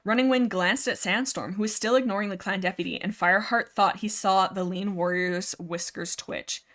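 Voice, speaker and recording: Young woman livestream host, rambling and animated, casual chat with read-aloud bits. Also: mid-range voice, moderate pace. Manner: chatty, rambling, animated reactions, reads book excerpts aloud.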